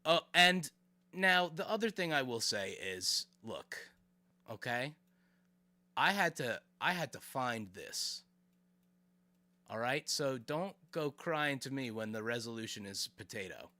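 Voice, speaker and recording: Guy streaming, reacting casually, super animated, talks right to chat. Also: medium pitch, a little slow, no room sound.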